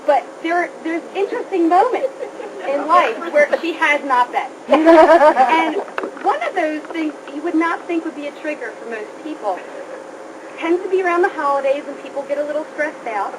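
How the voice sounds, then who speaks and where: A woman's voice: high-pitched, expressive, moderate pace. A middle-aged woman giving a comic roast speech, joking and laughing often, at a live party. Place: party hall with audience. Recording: live room, loud crowd and noise. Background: loud laughing crowd.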